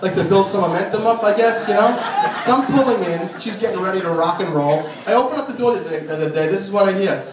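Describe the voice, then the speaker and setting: High-voiced man doing stand-up in an echoey club. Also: fast. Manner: exasperated, shrieking put-upon impressions of his nagging wife. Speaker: stand-up comic. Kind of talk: stand-up comedy set. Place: small comedy club. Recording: roomy club from a distant mic, noisy. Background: crowd laughter.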